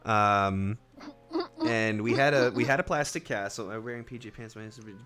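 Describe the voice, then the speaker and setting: A man's voice: fairly low pitch, normal speed, music in the background. A man in his thirties, chatting casually and teasingly while streaming a game, laughing often.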